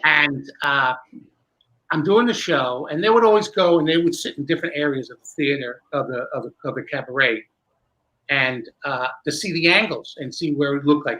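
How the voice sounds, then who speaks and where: A man, a magician guest, telling a long animated story with many restarts in a candid interview. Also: fairly high pitch, normal speed, rough recording.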